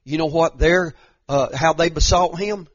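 A man preaching a sermon, dropping to a hushed storytelling voice and then building to loud, rising exhortation. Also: a little high, a little slow, no room sound. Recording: muffled, lo-fi sound.

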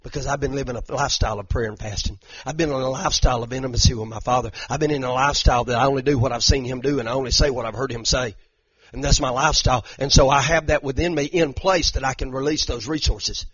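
A man's voice: medium pitch, fast talker, breathy edge, dry recording. A man preaching a sermon, retelling stories dramatically with many repeated words. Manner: animated, dramatic retelling, frequent repeated "and"s, southern "y'all". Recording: dull lo-fi sound.

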